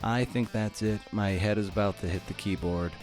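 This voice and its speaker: A tired male podcast host with a deep, low voice speaks in a relaxed, hushed morning tone. Plucked guitar music plays clearly behind him. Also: normal speed. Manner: laid-back, tired, slightly husky morning voice. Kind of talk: casual interview chat and outro.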